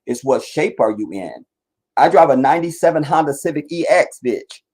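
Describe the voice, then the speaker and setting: A man's voice: a little high, expressive, normal speed, darkish tone, low-quality recording. A man giving casual live-stream political commentary in a blunt, rambling, profane rant.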